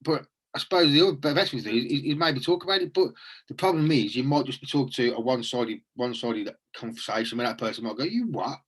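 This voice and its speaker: A man's voice: mid-range voice, fast, a bit bright. A man hosting a casual, reflective chat, earnest and rambling with frequent restarts.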